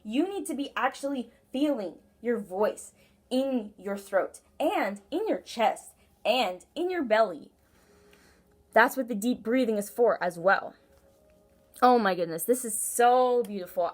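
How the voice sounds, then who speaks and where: A young woman giving a casual tarot reading, with a forward, pinched, brassy tone and an earnest, encouraging, rambling way of talking. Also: fairly high pitch. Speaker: tarot reader.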